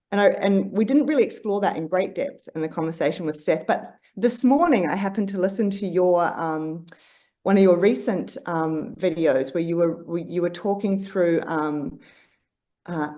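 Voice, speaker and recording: A woman's voice: on the low side, moderate pace, mellow. A woman speaking as a podcast guest, reflective and searching for words, with many fillers and restarts. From Australia. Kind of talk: reflective conversation.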